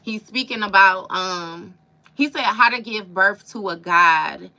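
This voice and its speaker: A woman gives a live tarot reading in a bright, forward voice. She talks straight to her viewers, casual and emphatic, full of slang. Her pitch sits in the middle range for a woman. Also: a little slow. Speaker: tarot reader.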